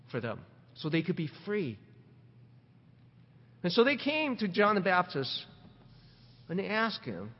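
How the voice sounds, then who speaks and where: Lively high-voiced preacher in a hall. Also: male voice, slightly rough. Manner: animated preaching with many repeats, rhetorical questions. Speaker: pastor. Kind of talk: sermon. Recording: dull recording with long hall reverb.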